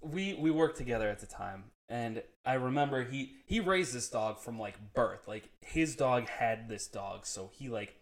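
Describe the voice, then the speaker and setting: A man's voice: mid-range voice, lively intonation, measured pace, few pauses. A man telling a profane, laugh-filled story in a casual chat, acting out the people he quotes. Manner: profane, laughs often, acts out quoted friends.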